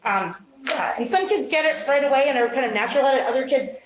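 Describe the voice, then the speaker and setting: A woman's voice: high-pitched, animated, fast. A woman teacher leading a phonics lesson, encouraging and upbeat as she coaches young students. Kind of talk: classroom phonics instruction. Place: classroom. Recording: echoey classroom with crowd noise. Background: children's voices.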